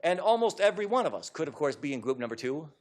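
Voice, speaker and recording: A man giving a public talk to an audience as an author, lecturing in an emphatic, animated way. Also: on the high side, fast talker.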